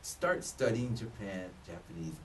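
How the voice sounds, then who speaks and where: Speaking to the camera, a thirtysomething vlogger offers casual, jokey career tips, often starting sentences over. He talks a little slowly in a lowish, fairly bright voice with big pitch swings, recorded slightly off-mic over faint room noise.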